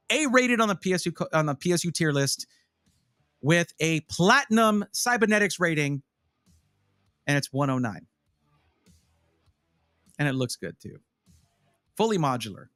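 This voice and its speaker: Recorded cleanly in a studio with no echo, a man with a fairly high voice goes over gaming PC parts on a live stream. He rambles in an animated way, chatting casually and responding to viewers in chat.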